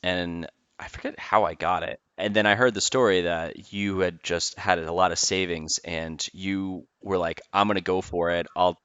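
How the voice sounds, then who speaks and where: A man hosting a podcast, chatting casually with his guest in a relaxed way. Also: low-pitched, a little slow, clean tone, no room sound, muffled recording. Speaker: podcast host. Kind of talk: casual interview chat.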